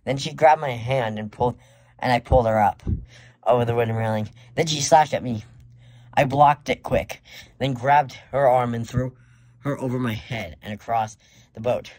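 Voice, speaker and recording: Brief: man reading fanfiction in first person, halting delivery. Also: mid-range voice, darkish tone. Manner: hesitant, with fillers and restarts. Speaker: fanfiction reader.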